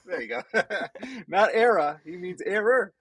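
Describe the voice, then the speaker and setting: A man's voice: high-pitched, expressive, a little slow, fairly bright tone, slightly rough, no echo, low-quality recording. A man, a stand-up comedian guest on a podcast, giving a playful, teasing roast-style introduction.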